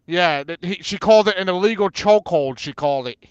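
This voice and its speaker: A man in casual panel talk, telling stories with lots of acted-out quotes and laughter. His voice sits a little high and sounds smooth. The sound is dry and a bit dull. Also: fast talker, no room sound. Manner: animated storyteller, acts out quotes, laughs often. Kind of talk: casual chat.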